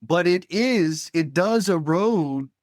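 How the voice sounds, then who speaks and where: A man's voice: high voice, expressive, takes it slowly, dry recording, studio quality. A man hosting a podcast interview, telling stories in a blunt, emphatic way. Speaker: podcast host. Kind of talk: casual interview chat.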